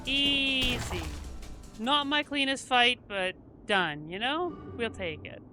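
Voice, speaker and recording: A woman's voice: on the high side, very animated, measured pace, pushed and bright, soft background music. A woman streamer chatting casually while playing a game, talking her thoughts aloud. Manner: chatty, self-deprecating, thinking aloud. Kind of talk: casual gameplay commentary.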